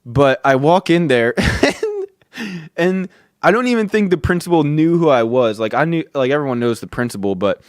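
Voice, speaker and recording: A man's voice: fairly high pitch, animated, normal speed, no echo, studio quality. A man hosting a podcast who tells a story in a casual way, with many fillers and free swearing. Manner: chuckling, swears freely, filler-heavy. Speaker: podcast host.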